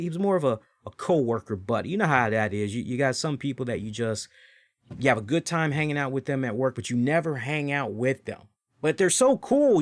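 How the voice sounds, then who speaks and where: A man's voice: mid-range voice, no room sound, studio quality. A man hosting his own show, chatting casually and rambling as he talks straight to his viewers. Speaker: show host. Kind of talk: casual solo review chat.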